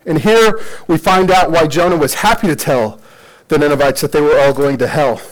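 A high-voiced man giving a casual sermon, retelling scripture with jokes and lively asides. He talks loosely and animatedly, using lots of "like.". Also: normal speed, rough recording.

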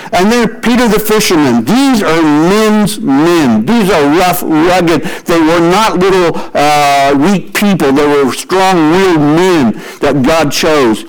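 High-voiced preacher man on radio. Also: rough recording. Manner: storytelling preacher who shifts pace for emphasis. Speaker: pastor. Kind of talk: sermon.

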